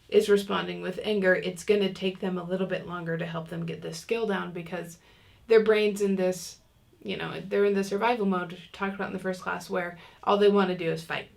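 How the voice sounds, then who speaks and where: Her pitch sits in the middle, with a touch of vocal fry. Running an online parenting class, she keeps it casual and chatty with lots of filler words, playing out exchanges between parents and kids and performing the kids' parts.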